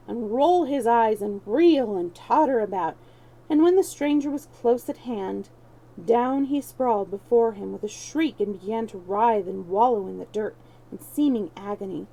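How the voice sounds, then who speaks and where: A woman storyteller reading a classic novel aloud on a live stream, with steady, measured narration. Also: medium pitch, low-quality recording.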